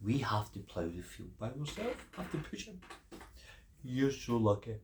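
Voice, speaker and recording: A man's voice: mid-range voice, big pitch swings, normal speed, noisy background. An older man voicing a group of jealous male farmers in a pub, pressing their point over and over. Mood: envious. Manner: envious and insistent. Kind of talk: storytelling.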